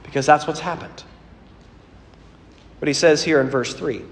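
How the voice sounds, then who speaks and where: Pastor preaching in a reverberant hall. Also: male voice, a little high, moderate pace, pauses often. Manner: earnest, storytelling, shifts between loud emphasis and quiet asides. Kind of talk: sermon.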